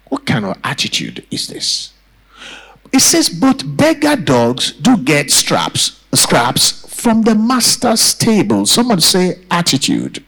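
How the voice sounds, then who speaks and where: A man's voice: fairly high pitch, wildly swooping pitch, unhurried, a bit bright, poor audio. A man preaching a sermon to a congregation, repeating phrases for emphasis and calling for responses. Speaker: pastor. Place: church.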